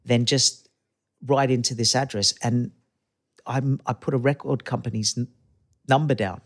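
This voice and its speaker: A man tells his stories in a loose, rambling way. He keeps restarting sentences and slips into the voices of the people in his stories. His voice sits at an everyday middle pitch. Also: steady tone, measured pace. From Australia. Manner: chatty, rambling anecdotes, acts out quoted voices. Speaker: guest. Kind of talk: casual interview storytelling.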